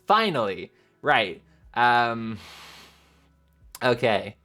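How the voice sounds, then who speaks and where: A woman streamer chatting casually with her viewers, animated and giggly, rambling with lots of filler sounds. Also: extremely low pitch, extremely slow. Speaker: live streamer.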